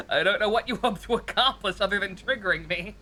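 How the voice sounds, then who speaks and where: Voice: medium pitch, sharp tone. A streamer chatting casually while playing a game live, reading lines aloud, laughing often and grumbling wryly.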